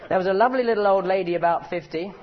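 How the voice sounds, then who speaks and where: A man's voice: high voice, very fast, lo-fi sound, a faint crowd, slight background noise. A man preaching a sermon in a church meeting, telling stories with humor. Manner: animated, humorous storytelling.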